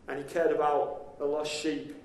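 High-voiced preacher in an echoey hall. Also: male voice, flat delivery, normal speed, darkish tone. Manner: conversational preaching, questions to the congregation. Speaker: pastor. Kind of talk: sermon. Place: church hall.

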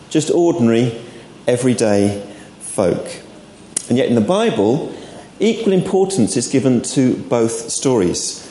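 In a church hall, a man with a mellow, medium-pitched voice gives an informal sermon at an all-age service, adding friendly asides to the congregation. The recording has the echo of a church room and faint background noise.

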